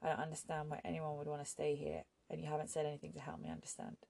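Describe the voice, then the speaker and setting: A woman's voice: sits low, very animated, fast, vocal fry, mellow, exaggerated voice. A woman reading an audiobook voices a defiant, demanding young woman captive with an insistent, confrontational manner. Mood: scornful.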